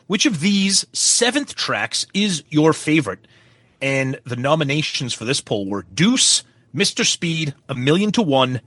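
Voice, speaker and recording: A man hosting a podcast in loose banter, cracking jokes and throwing in quick reactions. His voice is bright and lively, a bit above average in pitch, and sounds dry and close to the mic. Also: no echo. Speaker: podcast host.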